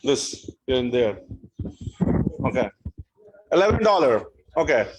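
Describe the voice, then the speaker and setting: A man's voice: mid-range voice, sing-song, a little slow, breathy edge, lo-fi sound. A man hosting a live charity auction at a temple celebration, calling out and directing people. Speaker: temple event host. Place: temple hall, also streamed on a video call.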